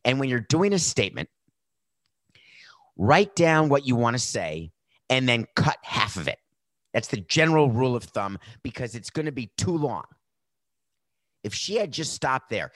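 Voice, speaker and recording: A man's voice: mid-range voice, big pitch swings, moderate pace, long pauses, a bit bright, dry recording. A middle-aged man hosts a podcast, scoffing and blunt as he picks apart statements. His voice sits in a middle register and is recorded dry and close, with no room sound. He talks in a mocking, opinionated way. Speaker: podcast host. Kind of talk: opinionated commentary.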